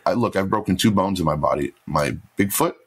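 A man with a very low, husky voice chats casually on a podcast. He tells his stories with animation and plays out both sides of the conversation. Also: brisk. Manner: animated storytelling, acting out quotes. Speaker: podcast co-host. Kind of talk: casual chat.

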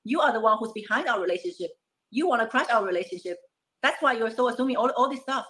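A woman's voice: a little high, lively intonation, quick pace, fairly bright tone, low-quality recording. A woman guest talking heatedly and defensively, cutting in to tell her side. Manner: agitated, defensive, talks over others. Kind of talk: heated call-in talk.

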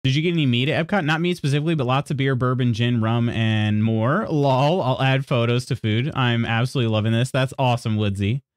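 A man's voice: mid-range voice, fairly quick, hardly any pauses, dry recording, clean studio sound. A man streaming and chatting casually with his viewers. He rambles, apologizes, restarts sentences and laughs often as he reads chat aloud.

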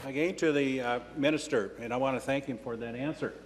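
A man's voice: medium pitch, fairly quick, heavy background noise. Man asking a formal question in a chamber. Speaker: member of the legislature. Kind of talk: parliamentary question. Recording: reverberant legislative chamber.

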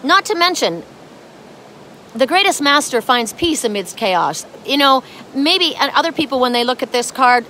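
Bright, high-voiced woman reading cards. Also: expressive, normal speed, a little hiss or hum. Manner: dramatic, emphatic, casually profane. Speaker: oracle card reader. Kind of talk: spiritual card reading to camera.

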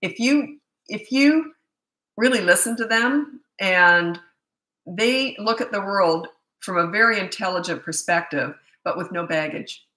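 A woman's voice: mid-range voice, measured pace, pushed and bright. A woman in her sixties from North America, a parenting coach answering viewer questions on a live stream in a chatty, candid way with rambling asides. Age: 60s. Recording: echoey room.

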